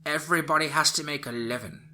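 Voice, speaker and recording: A man's voice: fairly high pitch, fast, pushed and bright, voice pushed up. A man voicing a cruel old witch woman who taunts a young girl and calls her lass. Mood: mocking.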